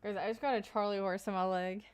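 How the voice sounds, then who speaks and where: A woman's voice: mid-range voice, steady tone, quick pace, clear, resonant tone. A woman from Kentucky streaming live, chatting casually with her viewers and reading out their comments with loose asides and fillers.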